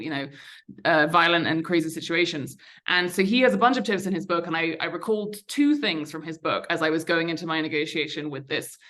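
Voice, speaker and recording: Bright-voiced woman telling her story. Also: fairly low pitch. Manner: candid, chatty, many fillers and restarts. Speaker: podcast guest. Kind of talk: conversational storytelling.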